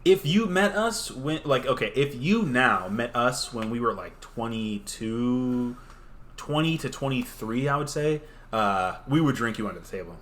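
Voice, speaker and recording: A man's voice: mid-range voice, measured pace. A man in his twenties, a podcast host, chatting casually and telling stories with lots of laughter and swearing. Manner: animated storyteller, laughs often, swears freely. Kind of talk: casual chat.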